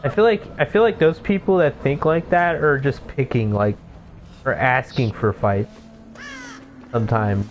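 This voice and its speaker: A young man talks casually over a video game session, rambling through his thoughts with constant fillers and swearing. His voice sits at an ordinary pitch for a man. Clear music plays underneath. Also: a little slow, dull audio. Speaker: gaming streamer. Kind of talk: casual chat while playing a game.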